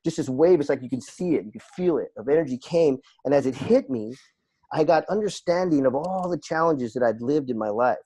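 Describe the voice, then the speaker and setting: A man's voice: on the high side, expressive, a little fast, mellow. A man, a podcast guest and coach, telling a personal story in an earnest, reflective way and repeating phrases for emphasis.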